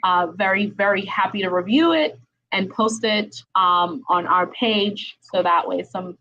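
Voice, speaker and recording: Chatty husky-voiced woman hosting. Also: mid-range voice, measured pace, sharp tone, lo-fi sound. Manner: chatty, laughs often, many "um"s and "right?"s. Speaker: podcast host, attorney. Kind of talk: live-streamed casual interview.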